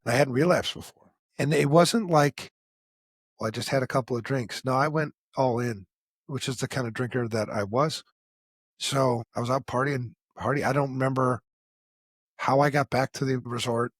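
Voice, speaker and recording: A middle-aged man tells his own story as a podcast host. His voice is husky and his delivery is blunt and casual, full of profanity. He acts out quoted dialogue as he talks, and the close mic gives a dry, intimate sound. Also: mid-range voice, no room sound. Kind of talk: candid conversational storytelling.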